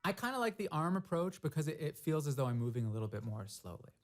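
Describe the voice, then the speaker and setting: A man teaching snare drum, explaining step by step in a thoughtful way and singing rhythms out loud in a practice studio. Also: on the high side, very animated, quick pace, music in the background. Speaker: percussion teacher. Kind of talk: instructional demonstration.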